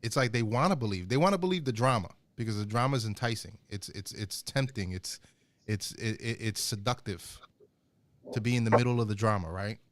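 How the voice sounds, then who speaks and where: A man's voice: lowish voice, brisk, no room sound. A man co-hosting a podcast, telling rambling stories in casual chat with many restarts. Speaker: podcast co-host.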